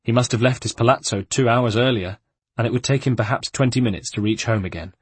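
A man reading a novel aloud as an audiobook narrator, in a steady measured way. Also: mid-range voice, husky, dry recording.

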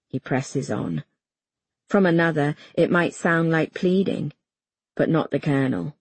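A woman's voice: low voice, lively intonation, measured pace, breathy edge, no echo. A woman narrating a first-person novel as an audiobook, telling it in a tense, urgent way and voicing the heroine's lines. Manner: tense, urgent storytelling with voiced dialogue.

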